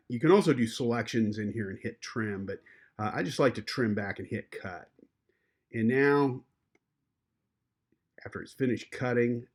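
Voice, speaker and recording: A man teaching a journalism class, walking through an audio editing tutorial in a relaxed way with many fillers. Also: on the low side. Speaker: journalism instructor. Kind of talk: screen-recorded software tutorial.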